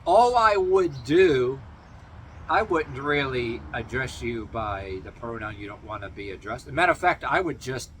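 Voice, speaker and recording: A man's voice: medium pitch, lively intonation, normal speed, a bit bright, slight background noise. A man delivering a meandering opinion monologue as a vlogger, swearing freely and half-laughing as he talks. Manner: meandering, profane, chuckling.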